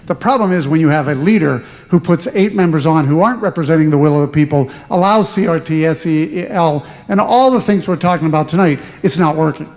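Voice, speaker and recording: A man's voice: on the high side, fairly quick, hardly any pauses, a little mellow. A man speaking as a candidate on a town hall panel, stressing points by repeating them. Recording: echoey hall.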